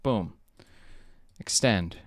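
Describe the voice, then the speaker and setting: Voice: drawn-out words, no room sound. An indie animator on a live stream, narrating each modeling step and hyping their own speed to chat. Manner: excitable, hypes up own speed, talks to chat. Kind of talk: livestream commentary while 3D modeling.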